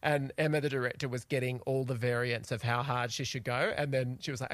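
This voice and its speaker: An Australian woman co-hosting a podcast, telling animated stories and acting out what people said. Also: extremely low pitch, fast, few pauses, no echo. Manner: animated storyteller, acts out quotes. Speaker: podcast co-host. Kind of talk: casual chat.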